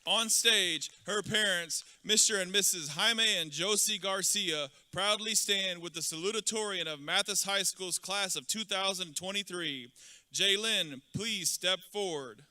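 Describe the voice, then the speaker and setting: Smooth, bright-voiced ceremony announcer. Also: male voice, high voice. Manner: measured, formal. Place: school graduation ceremony.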